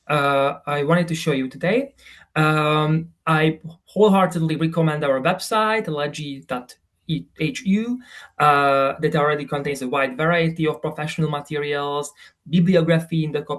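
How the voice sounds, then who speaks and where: A man's voice: fairly high pitch, normal speed, a bit bright. Hesitant man presenting in a webinar. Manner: hesitant, with many fillers. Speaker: association presenter.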